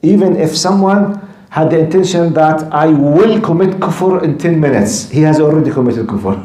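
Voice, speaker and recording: A man's voice: fairly high pitch, normal speed, warm tone, echoey room. Emphatic man giving a religious lecture. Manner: switches between quoted Arabic and English explanation, emphatic and repetitive. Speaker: Islamic teacher.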